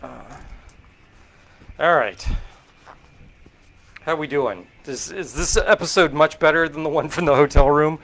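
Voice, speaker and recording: A man's voice: on the high side, fairly quick, few pauses, a bit bright. A middle-aged man from California's Central Valley, hosting a casual cocktail stream and thinking aloud with lots of fillers as he mixes. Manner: rambling, thinking aloud with fillers and self-corrections. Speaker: host making cocktails. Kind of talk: casual live-stream chat while mixing drinks.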